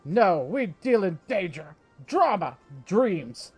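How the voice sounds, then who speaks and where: A man's voice: high-pitched, very animated, takes it slowly, darkish tone, husky, soft background music, voice pushed up, exaggerated voice. A man voicing an eccentric, theatrical male fishmonger, reading his lines with grand storyteller flair.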